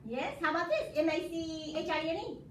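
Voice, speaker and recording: Coaxing high-voiced woman math teacher. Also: lively intonation, a little fast. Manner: patient, coaxing, drills with call-and-response. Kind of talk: casual home math lesson. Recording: echoey room from far off, faint background noise.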